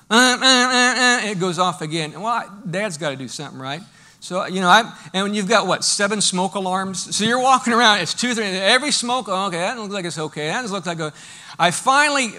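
A man preaching a sermon as a pastor, telling stories in an animated way and swinging between loud bursts and hushed lines. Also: high voice.

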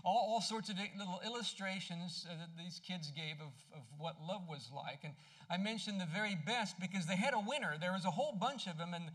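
A man preaching a sermon in a conversational way, asking his congregation questions and dropping soft and low when he tells personal stories. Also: fairly quick. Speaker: pastor.

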